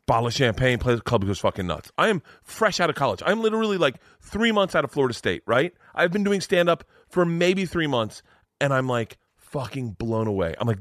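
A male stand-up comedian telling a story as a podcast guest, animated and profane. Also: mid-range voice, a little fast, dry recording, studio quality. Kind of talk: comic storytelling.

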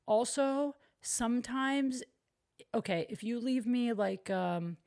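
A woman's voice: on the high side, slow, a little mellow. Young woman, solo podcast host, casual rambling chat, self-mocking. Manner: chatty, self-deprecating, lots of "like". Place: her apartment.

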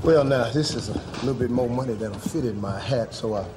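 An actor playing a joking middle-aged dance battle host who teases the crowd. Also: male voice, medium pitch, a little fast, heavy background noise, close to an everyday voice. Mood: teasing. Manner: wisecracking, teasing.

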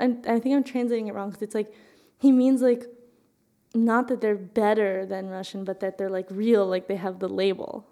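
Podcast co-host, woman, mellow and gravelly, rambles while searching for words. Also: medium pitch, flat delivery, moderate pace. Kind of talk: casual conversational explanation.

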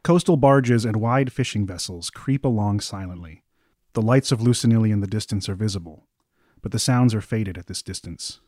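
Game master guy, mellow voice, slow scene-setting narration, dry close mic. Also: on the low side, no echo. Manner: descriptive, measured narration.

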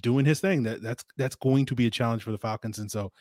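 A man's voice: mid-range voice, fast, darkish tone, no echo, clean studio sound. A man guest on a sports podcast, talking football in a conversational way with lots of hedging. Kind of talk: casual sports analysis talk.

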